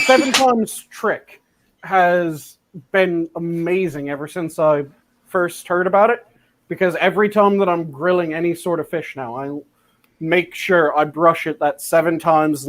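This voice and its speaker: High-voiced man, casual and profane. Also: measured pace. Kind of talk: casual chat.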